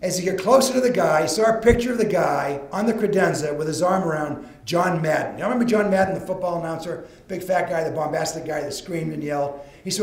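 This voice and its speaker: An older man tells stories to a live crowd in a folksy, animated way. His voice sits high for a man. The sound carries a roomy echo from the event space. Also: fast talker, few pauses. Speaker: motivational speaker. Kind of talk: storytelling talk to a live audience. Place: event room.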